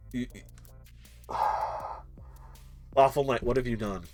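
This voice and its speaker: A man's voice: medium pitch, takes it slowly, darkish tone, faint music behind. A man streaming as game master, chatting casually before the session, rambling and self-mocking, joking and swearing freely.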